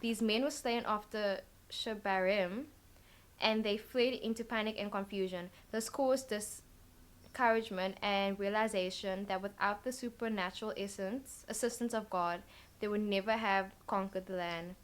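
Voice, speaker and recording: A woman's voice: medium pitch, steady tone, moderate pace. A woman giving a casual tarot reading, rambling and thinking aloud with lots of fillers. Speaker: tarot card reader.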